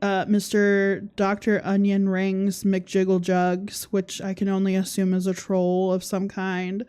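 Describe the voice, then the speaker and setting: A woman hosts a casual livestream, with sarcastic commentary broken up by frequent laughter. Her voice is mellow and warm, sitting at an ordinary middle pitch. She reads viewer comments aloud in an easygoing way. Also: smooth. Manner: sarcastic, laughs often while talking. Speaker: podcast host.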